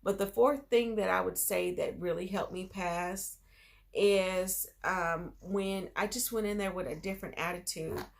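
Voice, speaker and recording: A woman's voice: lowish voice, a little slow, creaky. A woman in her thirties, a school nurse, telling her story in a casual vlog, upbeat and encouraging. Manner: excited bursts when retelling good news.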